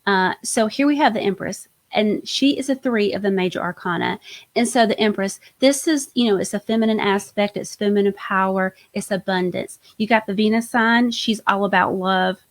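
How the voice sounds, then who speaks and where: A woman's voice: medium pitch, moderate pace. A woman hosting a live-stream tarot reading, chatty and enthusiastic, often trailing off and restarting her sentences. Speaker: host, tarot reader.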